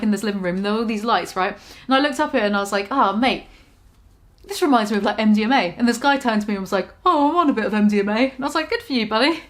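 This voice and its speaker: A woman's voice: medium pitch, a bit bright. A young British woman vlogging casually, talking frankly and with self-mocking humour about staying sober. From Britain. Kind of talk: casual confessional vlog.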